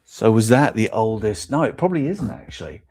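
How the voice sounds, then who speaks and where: Brief: middle-aged English male host, low voice, casual rambling live chat, self-amused. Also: sing-song, fairly quick, mellow. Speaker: toy podcast host.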